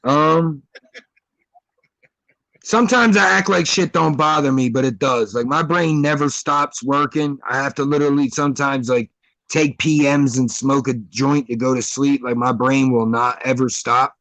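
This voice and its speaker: A man's voice: medium pitch, moderate pace, fairly bright tone, no room sound, low-quality recording. A man talking as a guest in a casual chat, earnest and reflective, with street slang. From American suburbs. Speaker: podcast guest. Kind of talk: casual conversation.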